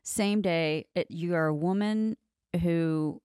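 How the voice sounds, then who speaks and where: Female host, deep-voiced, frank and blunt, swears freely, dry close mic. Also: slow, darkish tone, smooth, dry recording. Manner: candid, blunt storyteller who swears freely. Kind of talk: casual interview chat.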